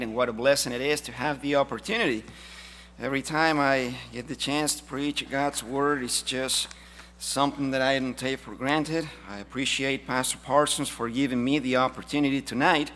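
Bright-voiced preacher at the pulpit. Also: male voice, medium pitch. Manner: joking, then rising to an emphatic preaching voice. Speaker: guest preacher. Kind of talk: sermon.

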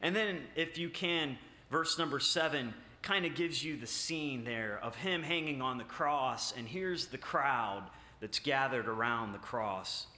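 A man preaching a sermon, halting with many filler sounds and restarts, then rising with emphasis on key points. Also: medium pitch, sharp tone. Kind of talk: sermon with scripture reading. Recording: echoey room.

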